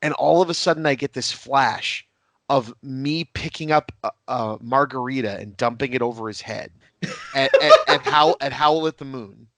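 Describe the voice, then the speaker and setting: A man's voice: mid-range voice, normal speed, fairly bright tone. A man who is a podcast guest telling rambling, casual anecdotes and laughing at his own stories.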